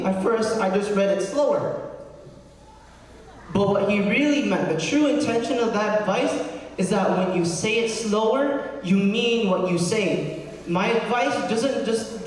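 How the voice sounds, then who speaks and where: Young man, deacon, high-pitched, earnest conversational sermon, distant mic, cathedral reverb. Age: young adult. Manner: earnest, conversational preaching with fillers. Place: large cathedral. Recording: echoey cathedral, mic from far off.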